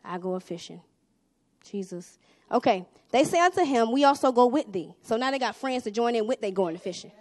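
Animated woman preaching a sermon, high-voiced. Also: fairly quick, dry recording, clean studio sound. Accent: Southern US. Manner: animated, swings from hushed asides to loud exhortation.

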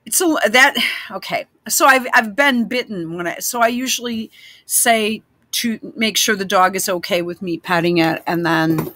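A woman vlogger with a lowish, slightly bright voice talks casually over video clips she's playing. Her commentary is rambling and blunt, full of restarts and frequent swearing, and the recording is dry.

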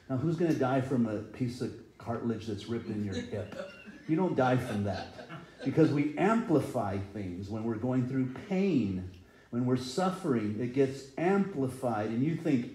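A man's voice: medium pitch, moderate pace, mellow, roomy sound, rough recording. A middle-aged man preaching a sermon earnestly, sometimes acting out people's cries. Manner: earnest, rises and falls in intensity, acts out quoted cries. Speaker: pastor. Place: church sanctuary.

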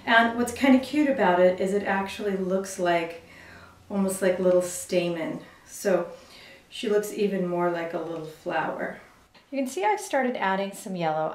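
A middle-aged woman giving a step-by-step cake decorating lesson, explaining each move gently and carefully. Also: mid-range voice. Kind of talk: step-by-step demonstration. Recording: echoey room.

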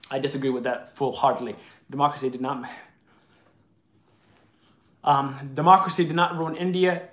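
Guy doing a live stream q&a, kinda high voice, arguing his opinions, echoey room. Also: a bit bright. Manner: opinionated, argumentative, answers viewer comments. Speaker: live video chat host.

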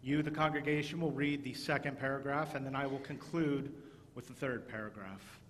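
A man leading a church service as pastor, talking to children with playful, animated emphasis. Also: mid-range voice, normal speed, in a large hall, a little hiss or hum. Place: church sanctuary.

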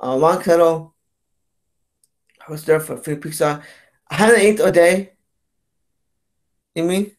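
A man vlogging a rambling, profane rant, halting and repetitive, with frequent restarts and stammers. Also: fairly high pitch. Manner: profane, repetitive, keeps saying "you know what I'm saying". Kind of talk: rambling ranting monologue.

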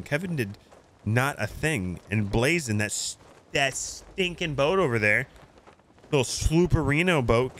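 A male streamer giving live gameplay commentary, excitable and full of indignant outbursts as he talks to his chat. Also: fairly high pitch, a little hiss or hum.

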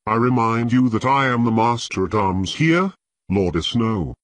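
A man's voice: mid-range voice, unhurried, dry recording, natural voice. A man voicing a cold, sneering master-at-arms. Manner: taunting, contemptuous.

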